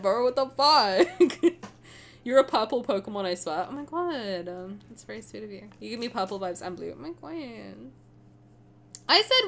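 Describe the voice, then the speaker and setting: A young woman with a fairly high, fairly bright voice streams a game and chats casually with her audience. She plays around with her chat, teasing and swearing freely, and answers their messages aloud.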